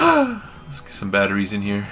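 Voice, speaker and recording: A man doing let's play commentary on a horror game, swearing constantly in slang and yelling when he panics. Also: lowish voice, wildly swooping pitch, normal speed, soft background music. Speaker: gamer playing a horror game.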